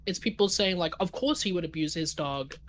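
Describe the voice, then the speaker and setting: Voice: mid-range voice, expressive, fairly quick, slight background noise. A guest on a live stream, chatting casually and often repeating the starts of phrases.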